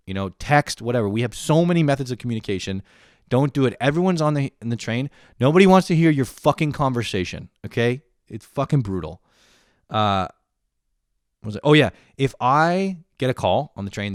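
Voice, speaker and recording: A man's voice: medium pitch, expressive, brisk, dry recording, clean studio sound. A young man in a profane comedic rant, swearing constantly and sounding exasperated as he complains. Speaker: comedic vlogger.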